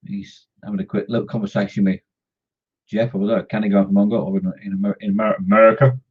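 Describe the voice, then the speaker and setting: Chatty man, husky muffled voice. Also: lowish voice, flat delivery, quick pace. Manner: chatty, greets viewers by name, jokey. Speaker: scale model hobby streamer. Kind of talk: casual live-stream chat while modelling.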